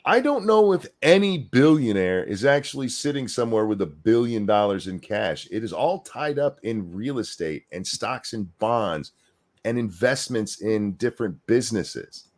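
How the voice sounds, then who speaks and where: Animated, profane man ranting on a stream. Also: lowish voice, moderate pace. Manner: reads chat comments aloud. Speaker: co-host. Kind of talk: casual political commentary chat.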